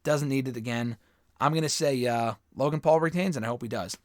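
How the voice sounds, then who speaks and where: A man's voice: medium pitch, fairly quick, no room sound, studio quality. A man hosting a solo fan-question show, talking in a casual, opinionated, rambling way with restarts and the odd swear. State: losing his voice. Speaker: host answering fan questions. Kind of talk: casual solo mailbag talk.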